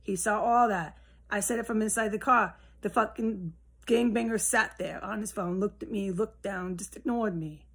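A woman's voice: mid-range voice, normal speed, fairly bright tone, husky. Rambling, profane woman talking alone. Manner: rambling and profane, drifting between muttering and heated outbursts. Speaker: vlogger. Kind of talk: rambling solo monologue to camera. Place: at home, indoors with a window open.

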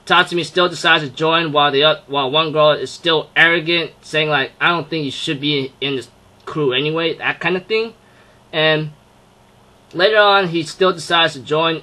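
A young man chatting through an anime review in a loose, rambling way. His voice is bright and pushed forward and sits a little high for a man. He fills gaps with "you know" and laughs often. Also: moderate pace. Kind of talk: casual spoken review.

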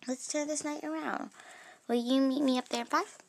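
A woman's voice: high voice, fairly even intonation, normal speed, vocal fry, slight background noise. A woman reading the lines of an adult male neighbor in a game story, with a dry, self-deprecating manner. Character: grumbling adult man, struggling neighbor.

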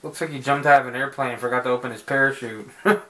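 A man giving a casual home video review of a film, rambling and jokey, swearing often and filling pauses with "uh" and "um". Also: mid-range voice, fairly even intonation, fairly bright tone. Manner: rambling, profane and jokey, with frequent fillers. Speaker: movie reviewer.

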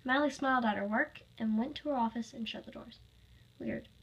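A woman's voice: a little high, quick pace, a bit bright, breathy edge, muffled recording. A woman reading her own fan story aloud, plainly, with small slips.

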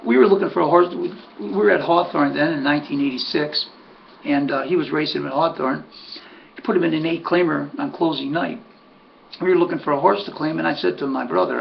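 An older man, a horse trainer, tells a rambling story from his past in a loose, conversational way. His voice is gravelly and sits a little high for a man. The recording is muffled and lo-fi, with a faint hum underneath. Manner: rambling, conversational, says "buddy", many restarts. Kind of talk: personal anecdote storytelling.

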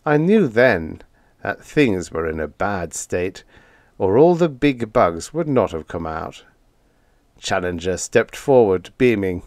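A man narrating a comic story in the first person, expressive and even-paced. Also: on the low side, takes it slowly, no echo, clean studio sound. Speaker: audiobook narrator.

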